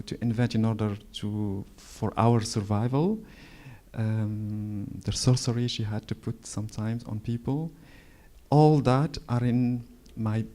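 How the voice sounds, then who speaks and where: A man in his forties from Morocco with a Moroccan French accent, speaking in a halting, hesitant way and reading his own prose at a library event. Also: medium pitch, dark tone. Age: 40s. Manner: hesitant, halting, frequent fillers. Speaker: author. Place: public library event hall.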